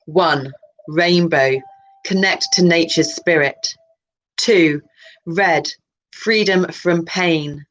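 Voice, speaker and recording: A woman's voice: lowish voice, drawn-out words, slight background noise, rough recording. A woman reading a colour card list aloud as a channel host, drifting into musing, self-interrupting asides.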